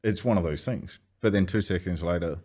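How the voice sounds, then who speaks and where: A man, telling swearing, animated anecdotes as a podcast guest. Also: low-pitched, a little fast. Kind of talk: casual storytelling chat.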